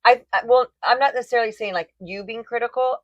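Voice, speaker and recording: A woman's voice: a little high, fast talker, no echo, highs cut off. A woman co-hosting a casual chat show, talking in a chatty, rambling way with restarts. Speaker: co-host.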